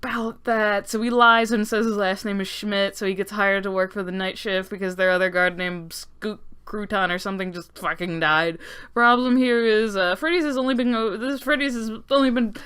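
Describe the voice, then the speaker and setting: A woman narrates a casual lore breakdown in a smooth, clear voice at a mid pitch. She is sarcastic and profane and keeps dropping joking asides. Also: steady tone, normal speed, a bit bright. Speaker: video essay host.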